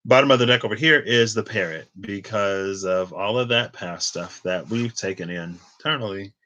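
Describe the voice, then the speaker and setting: A man's voice: lowish voice, moderate pace, sharp tone, muffled recording. A man in his twenties giving a casual tarot reading, chatty and rambling off into tangents. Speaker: tarot reader.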